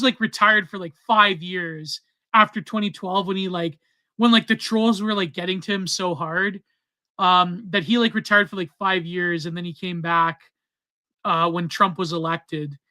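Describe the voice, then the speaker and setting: A man's voice: high-pitched, moderate pace, bright, forceful tone. A man co-hosting a podcast in casual chat, rambling with many fillers and trailing off. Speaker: podcast co-host.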